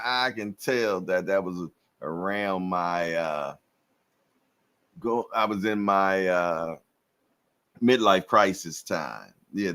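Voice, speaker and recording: A man's voice: deep voice, bright, forceful tone. A man in his fifties hosting a live stream, chatting casually with viewers in laid-back slang and laughing often. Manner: laughs often between lines.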